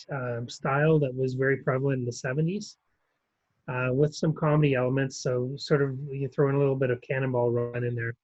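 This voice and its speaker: A man's voice: medium pitch, a little mellow, no room sound. Rambling man on a dull podcast mic. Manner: rambling, many ums and restarts. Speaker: podcast co-host reviewing films. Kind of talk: casual chat.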